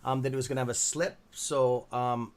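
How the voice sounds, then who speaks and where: Canadian male stream host, tired, rambling with ums and restarts, middle pitch. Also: fairly even intonation, normal speed, clean tone. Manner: rambling, many fillers and restarts, reading chat names aloud. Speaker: livestream stock trading host. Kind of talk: casual live-stream commentary.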